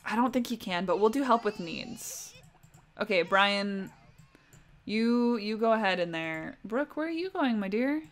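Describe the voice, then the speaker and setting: A woman's voice: medium pitch, expressive, a little slow. A young adult woman giving casual, chatty commentary on a life-sim game during a livestream, often talking straight to her characters.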